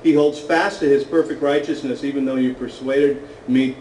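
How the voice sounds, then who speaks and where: A man's voice: medium pitch, fairly even intonation, normal speed, darkish tone, recorded from a distance. A man teaching a casual Bible class to a small group, joking as he reads scripture aloud. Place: meeting room with a small group. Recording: roomy echo, from afar, faint noise.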